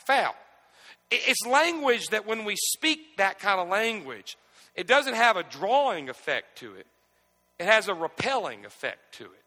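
Animated pastor, preaching. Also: male voice, on the high side, long reverb tail. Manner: animated, calls for congregation responses. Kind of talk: sermon. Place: church sanctuary.

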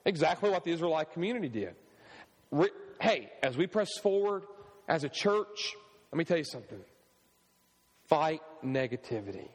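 A man with a slightly rough, a little high voice preaches a sermon as his church's pastor, speaking at a moderate pace with long pauses. His animated delivery rises and falls and tosses call-and-response questions to the congregation, recorded in a sanctuary with long hall reverb.

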